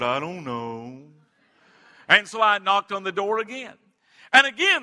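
A middle-aged man preaching a sermon as pastor, moving from earnest prayer to lively, animated storytelling. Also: high-pitched. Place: church sanctuary. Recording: long hall reverb.

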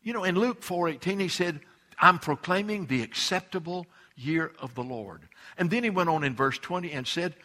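A man preaching a sermon, emphatic, with frequent repeated words and big swings between loud declarations and hushed, earnest passages. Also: fairly high pitch, moderate pace. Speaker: pastor.

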